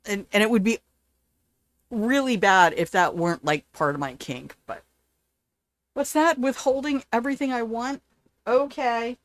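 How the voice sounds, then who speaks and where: A woman's voice: a little high, a little slow, long pauses, dry recording. An older woman hosting a live game stream, chatting playfully and answering her chat as she plays.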